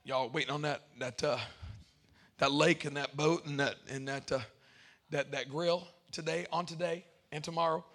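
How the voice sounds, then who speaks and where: Male preacher, bright and edgy tone, animated, joking with his congregation. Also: a little high, normal speed. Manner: animated preaching, swings from loud to hushed; playful asides to the congregation. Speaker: pastor. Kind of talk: sermon.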